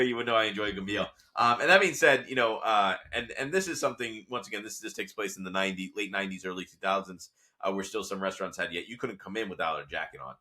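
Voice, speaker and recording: Man, podcast host, deep voice, quick pace, rambling recap. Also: pushed and bright. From Italian-American. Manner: conversational, rambling asides and quick retellings of scenes. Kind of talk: casual episode recap talk.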